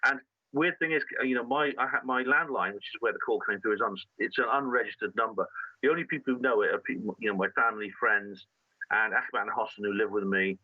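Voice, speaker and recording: A man's voice: on the low side, no room sound, narrow, tinny audio. A man talking as a guest on an interview show, telling his story earnestly and often restarting his sentences. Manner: earnest, halting with frequent restarts. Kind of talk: conversational storytelling.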